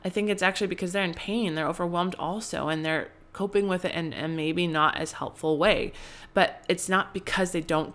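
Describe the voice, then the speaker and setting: A woman in her thirties speaks in a slightly low voice as a podcast host. She gives advice in an earnest, reflective, chatty way. She often stops to add fillers as she thinks aloud. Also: bright, forceful tone. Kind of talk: casual advice talk.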